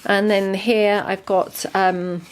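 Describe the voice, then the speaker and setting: A woman casually walking through a handmade junk journal, chatty and relaxed with frequent ums. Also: medium pitch, slow. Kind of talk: casual show-and-tell narration.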